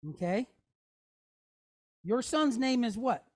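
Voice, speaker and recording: A woman with an expressive, somewhat high voice leads a Hebrew class. She patiently explains, slowly sounds out letters and syllables, and keeps asking "okay?" and "right?" to make sure her students follow this classroom lesson.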